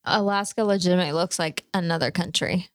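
A woman's voice: on the low side, quick pace, no echo, clean studio sound. A young woman hosting a podcast in casual chat, laughing often, swearing freely and saying "y'all". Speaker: podcast host.

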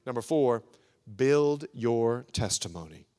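A man's voice: mid-range voice, animated, slow pace, darkish tone, clear, resonant tone. A man preaching a sermon as pastor, emphatic and repetitive, swelling and dropping in intensity. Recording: echoey hall recording.

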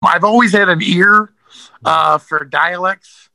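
A man's voice: high voice, slow pace, bright, forceful tone, no room sound, poor audio. A man, an actor, telling stories as a guest in a casual interview, rambling with many fillers and restarts.

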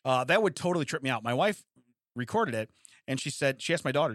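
A man's voice: medium pitch, expressive, fast talker, fairly bright tone, no room sound, clean studio sound. A man co-hosting a podcast, chatting casually and jokily, laughing often as he rambles. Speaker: podcast co-host. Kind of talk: casual comedic chat.

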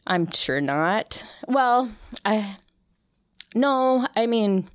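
A woman in her thirties, a cancer survivor appearing as an interview guest, shares a personal story in a casual conversation, earnest and emotional with frequent restarts. Her medium-pitched voice has lively intonation but is extremely slow, recorded cleanly in a studio with no echo.

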